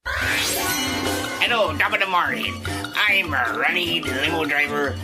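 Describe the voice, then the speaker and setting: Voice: medium pitch, expressive, takes it slowly. A performer voicing a boastful, lewd male leprechaun limo driver in a mock Irish accent and a singsong, clowning manner. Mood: cheeky. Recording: loud music underneath.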